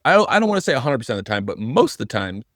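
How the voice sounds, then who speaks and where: A man's voice: mid-range voice, sing-song, racing, a bit bright, no room sound, clean studio sound. A man co-hosting a podcast in casual conversation, earnest and thinking aloud with frequent restarts. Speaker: podcast co-host.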